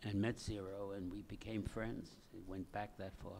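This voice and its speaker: An older man, a screenwriter, recalling the past on stage in a halting way with many pauses. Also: on the low side, flat delivery, gravelly, a little mellow, slight background noise. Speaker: screenwriter guest. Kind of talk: reminiscing on stage.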